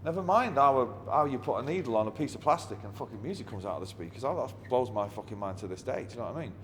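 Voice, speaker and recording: An animated, fast-talking middle-aged man, a musician, shares interview anecdotes in a wry, blunt style laced with heavy swearing. His mid-range voice has a fairly bright tone, and the recording features long reverb and faint ambient noise.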